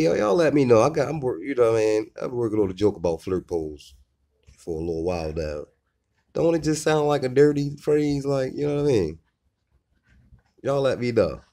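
A man with a somewhat low voice talks casually to his viewers about his dogs. He is laid-back and joking, and he keeps checking in with them as he goes. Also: darkish tone. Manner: laid-back, joking, repeats "you know what I mean". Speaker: dog owner and vlogger. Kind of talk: casual vlog chat.

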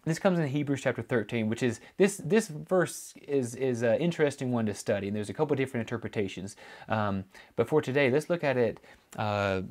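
A man's voice: mid-range voice, animated, brisk, darkish tone. A man preaching a teaching sermon, explaining scripture in a loose way with frequent fillers and restarts. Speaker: pastor.

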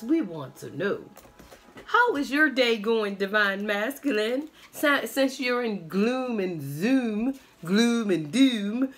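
A woman's voice: mid-range voice, fairly bright tone. A woman doing a tarot reading on camera, talking in a blunt, sassy and profane way. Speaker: tarot reader.

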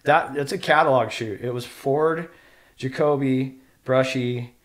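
A middle-aged man from Washington State, a pro snowboarder, telling stories as a podcast guest and acting out the voices in them. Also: a little slow. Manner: animated storyteller who acts out quotes with jumps in pitch and loudness. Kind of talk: casual storytelling interview.

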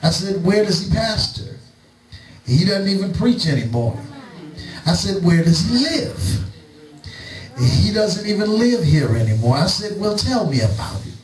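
A middle-aged man preaching in a church, telling a story slowly and acting out both sides of a conversation. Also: sits high, sing-song, recorded from a distance, faint music behind. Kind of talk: sermon storytelling. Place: church sanctuary. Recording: echoey church, preacher away from the mic.

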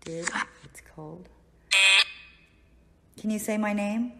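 A woman realtor and ghost hunter asking spirits gentle, apologetic questions in an empty house. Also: medium pitch, takes it slowly, vocal fry. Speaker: realtor and paranormal investigator. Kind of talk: casual talk to spirits during a ghost hunt. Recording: loud hiss, air conditioner hum.

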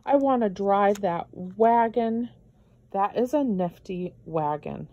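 A woman's voice: medium pitch, takes it slowly, dry recording, dull audio. A woman vlogger opening mail from friends, gushing and effusive and moved to tears as she talks. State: tearful. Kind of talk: casual unboxing chat.

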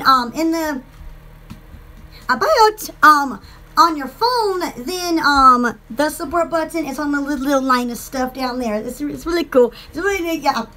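Very high, bright Southern woman. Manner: giggly, excitable, rambling with many fillers. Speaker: online shop live-stream host. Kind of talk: casual live-stream chat. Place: home in the woods.

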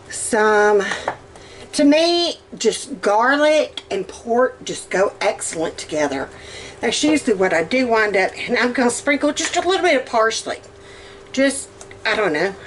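Slow-talking Southern woman in her kitchen. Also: on the high side, a bit bright, a little hiss or hum. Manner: chatty, rambling, with drawn-out words and many "um"s. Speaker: cooking vlogger. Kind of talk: casual cook-along chat. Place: home kitchen.

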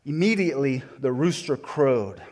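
A man's voice: mid-range voice, very animated, normal speed, darkish tone. A man pastor preaching a sermon, retelling a story and acting out the voices in it, with frequent small restarts.

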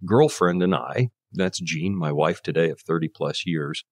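A man's voice: deep voice, unhurried, no echo, clean studio sound. A man in his fifties from Canada, telling his faith story as an interview guest and acting out the voices he quotes. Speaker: guest preacher. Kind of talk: personal testimony in conversation.

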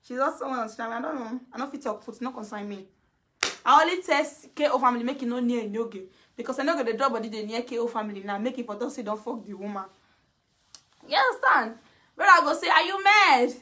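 A woman's voice: on the high side, quick pace, pushed and bright. A Nigerian woman vlogger in a casual gossipy chat, talking freely and laughing often. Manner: chatty, laughs often, mimics others.

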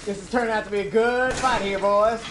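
A man co-hosting a let's play with friends, excitable and shouting at the game. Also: sits high, a little fast. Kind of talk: casual gaming chat. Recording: echoey room with loud noise.

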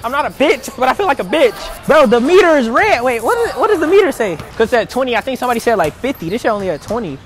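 A man's voice: extremely high pitch, big pitch swings, quick pace, hardly any pauses, slight background noise. A young man, vlogging a prank with nervous, joking, slangy chatter. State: out of breath at times. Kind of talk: casual vlog chat.

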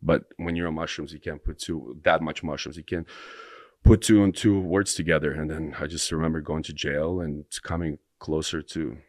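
A man's voice: rumbling low, fairly even intonation, moderate pace, darkish tone, no room sound, studio quality. A young man, a podcast guest, telling a long story in a rambling way, restarting his sentences and swearing freely. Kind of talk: casual storytelling in conversation.

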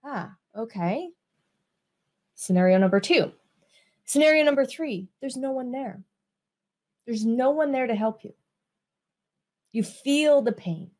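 With a high, somewhat mellow voice, a woman business coach talks informally to the camera. She lingers on her words at a relaxed pace, pausing to ask whether listeners follow.

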